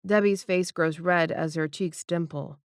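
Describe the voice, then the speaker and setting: A woman narrating a first-person romance audiobook in an intimate, expressive reading. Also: lowish voice, measured pace, clear, resonant tone, dry recording, studio quality.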